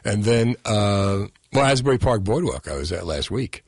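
A man hosting a radio talk show from New Jersey, bantering in a jokey, animated way with his co-host. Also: lowish voice, moderate pace, no room sound, studio quality. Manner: jokey, animated, frequent laughs. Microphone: studio microphone.

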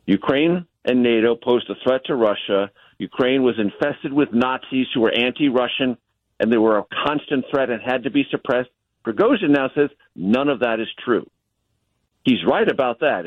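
A man speaking as a correspondent on a radio news show, calm and analytical, leaning on key words for emphasis, heard over a phone line. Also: medium pitch, moderate pace, dry recording. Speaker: chief Washington correspondent, guest. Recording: tinny dry phone line.

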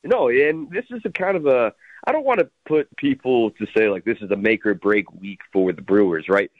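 A man calling in to a sports radio show as a guest, talking baseball quickly and energetically with lots of detail. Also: fairly low pitch, no room sound. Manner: quick, energetic, packed with stats. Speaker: radio host, guest analyst. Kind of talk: sports radio call-in analysis. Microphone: phone. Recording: tinny phone line.

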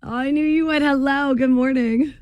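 A woman's voice: sits high, steady tone, normal speed, darkish tone, dull audio, a little hiss or hum. A woman hosting a morning radio show, bubbly and affectionate with a caller. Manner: bubbly, affectionate, laughs easily. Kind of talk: casual radio chat.

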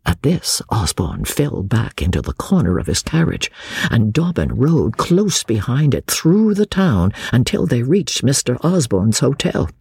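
A male narrator reads a classic novel slowly and expressively, dropping into hushed asides. His voice is gravelly and husky, with wide pitch swings, and it sounds dry and close. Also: sing-song, no echo. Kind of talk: audiobook narration.

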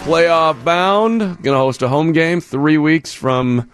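A man's voice: on the high side, soft background music. Upbeat male sports radio host. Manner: brisk, upbeat, runs the segments. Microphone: studio microphone.

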